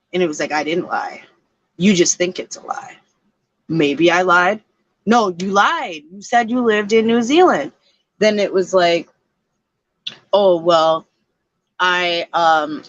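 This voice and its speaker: A woman's voice: on the low side, no echo. Woman, podcast co-host, casual rambling chat, filler-heavy, dull lo-fi sound, dry. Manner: rambling storytelling, many fillers.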